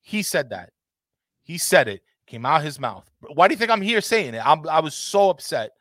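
Ranting man, high voice, dry sound. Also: very animated, normal speed, a bit bright, no room sound. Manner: passionate, ranting, swears freely. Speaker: podcast host. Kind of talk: heated casual football talk.

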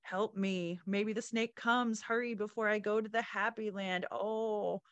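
A woman voicing a resourceful, cunning woman fighter in a spoken story, talking low and urgently, sometimes faking loud moans of pain. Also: fairly even intonation, measured pace, clean tone, no echo, muffled recording, natural voice. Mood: fake moaning. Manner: hushed, urgent, then fake moaning.

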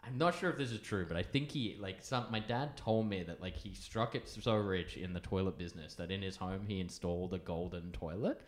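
A man's voice: low-pitched, a little fast, hardly any pauses, roomy sound. A man chatting casually on a podcast, telling funny stories and mimicking people. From family from England, lives in Australia. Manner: animated storyteller, mimics voices, laughs often. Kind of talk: casual comedic chat.

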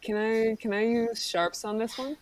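A woman's voice: on the high side, fairly even intonation, moderate pace, a crowd in the background. A woman playing in a tabletop game, speaking in a hesitant, stammering way. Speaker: player.

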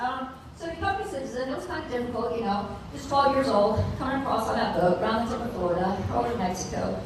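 A woman from England doing stand-up, her voice a little high and full of ums and small laughs. She is picked up from a distance, so the club's heavy echo and loud crowd noise wash over her. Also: fast talker. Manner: hesitant, many ums, laughs at own jokes. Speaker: stand-up comedian. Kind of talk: stand-up routine. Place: comedy club stage. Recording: far-off mic in a noisy, echoey club. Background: audience laughter.

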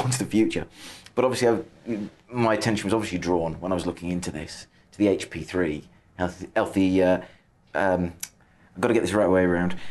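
A man hosting a podcast, interviewing a guest in an animated, playful way. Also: sits low. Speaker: podcast host.

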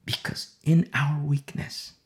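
A man preaching a sermon who repeats himself and swings between loud, acted-out quotes and hushed whispers. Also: on the high side, little pitch movement, slow pace. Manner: repeats and restarts words.

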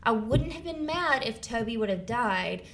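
A woman talking on a casual podcast, eager and jokey, jumping in with quick quips. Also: a little high, lively intonation, a bit bright, a little hiss or hum. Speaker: podcast co-host or guest.

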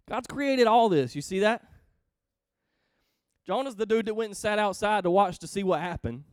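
A man's voice: high voice, animated, moderate pace, smooth, no echo. A man preaching in a conversational way, reading scripture aloud and explaining it emphatically, often checking in with his listeners. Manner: emphatic, reads scripture then explains it, asks the listeners questions. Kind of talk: conversational Bible teaching.

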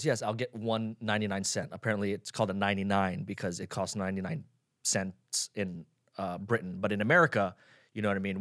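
A man's voice: on the low side, dry recording, clean studio sound. Profane sarcastic young man. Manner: profane, sarcastic, jumps between loud mock outrage and mumbling asides. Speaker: podcast host. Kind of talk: casual solo podcast rant.

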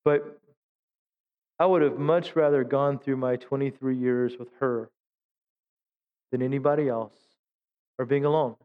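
A middle-aged man preaching a sermon as a pastor, telling humorous stories and acting out quotes in high voices. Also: fairly even intonation, unhurried, pauses often, long reverb tail, phone-quality sound. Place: church sanctuary.

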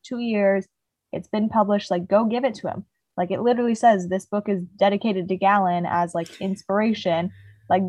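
A young woman with a mid-range, darkish voice co-hosts a podcast, casually retelling a book's plot in a rambling way packed with "like" fillers. The recording is dry and of poor quality.

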